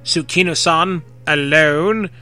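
A man voicing a remorseful young man who pleads in halting, broken phrases. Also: fairly high pitch, pushed and bright, faint music behind. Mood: pleading.

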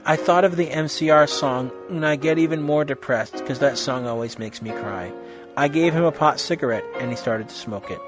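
A man reading a story aloud in a mock-serious, expressive way. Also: medium pitch, normal speed, over loud music. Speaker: reader.

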